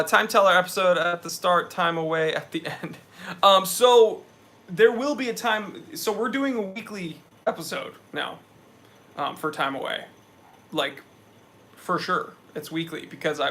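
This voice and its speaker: A man's voice: on the high side, fairly even intonation, normal speed, pushed and bright. A young man from New England hosting a live stream, chatting loosely and answering viewers. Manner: chatty, loose, reads viewer comments aloud. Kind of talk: casual live stream chat.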